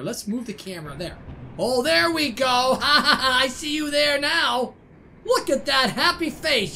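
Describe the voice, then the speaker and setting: A woman host giving excited let's-play commentary, laughing often and talking to the game characters. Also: sits high, slight background noise. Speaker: gaming channel host.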